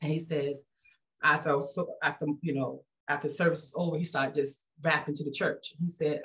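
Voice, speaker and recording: Moving at a moderate pace, the woman shares her personal testimony at church as a guest. It's casual storytelling with plenty of restarts, and she brings quoted voices to life with big pitch shifts.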